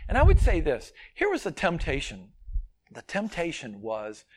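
High, lively-voiced male preacher. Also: moderate pace. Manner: earnest, emphatic, swings from loud stresses to quiet asides. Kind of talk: sermon.

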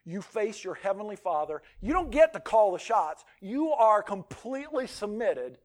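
A man delivers a sermon in a high, lively voice. He swings between loud outbursts and near-whispers and slips in self-deprecating jokes. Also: normal speed. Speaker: pastor.

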